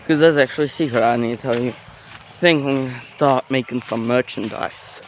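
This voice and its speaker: A man's voice: mid-range voice, moderate pace. Male vlogger, rambling and chatty, recorded outdoors on a handheld phone with faint background noise. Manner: rambling, self-aware chatter with filler words. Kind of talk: casual walking vlog. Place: outdoors at a zoo. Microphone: handheld phone camera.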